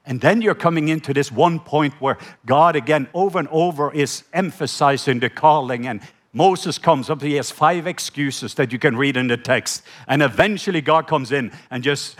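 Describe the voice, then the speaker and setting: A man from Norway preaching a sermon in his second language, animated and acting out the voices in his retelling, with stammers. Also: on the high side, moderate pace. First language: Norwegian.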